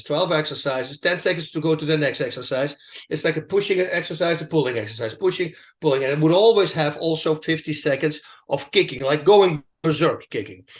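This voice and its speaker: A man in an interview, telling stories in a lively, emphatic, casual way. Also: on the high side. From Netherlands. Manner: animated, emphatic storytelling with asides. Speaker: interview guest, retired fighter. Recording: echoey room.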